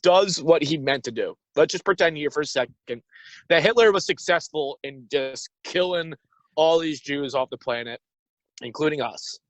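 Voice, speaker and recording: In casual comedic chat, a young man co-hosting a podcast rambles and riffs, quick with a joke, while sitting in his parked car. His voice is on the high side and fairly bright, and the handheld phone gives a dry recording with poor audio.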